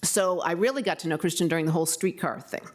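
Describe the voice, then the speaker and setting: A woman's voice: on the low side, fast. Rambling, chatty older woman at a public meeting. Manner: rambling, chatty, self-deprecating, with animated quoted asides. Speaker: county board member. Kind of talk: informal tribute speech.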